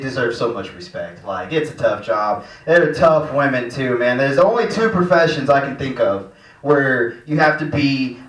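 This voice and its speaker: A man's voice: medium pitch, fairly bright tone. A man doing a brash, crude stand-up set in a small cafe room. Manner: brash, crude, bursts of quick talk. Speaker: stand-up comedian. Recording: roomy, distant, noisy.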